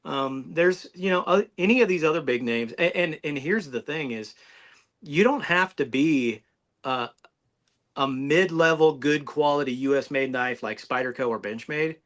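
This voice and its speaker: Bright, lively man talking knives. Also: on the high side, normal speed. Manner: rambling, restarts mid-sentence. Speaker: knife reviewer guest. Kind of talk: casual podcast chat.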